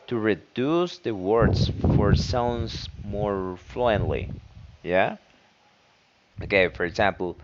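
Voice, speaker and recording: A man learning English who talks casually about a podcast, halting and searching for his words in a second language. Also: deep voice, highs cut off, slight background noise. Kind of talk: casual spoken diary.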